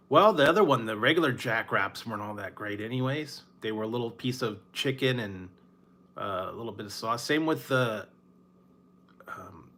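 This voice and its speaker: A man from Northern California chatting casually about fast food, rambling and laughing often between his words. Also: medium pitch, bright, forceful tone. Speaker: food reviewer. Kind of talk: casual late-night chat.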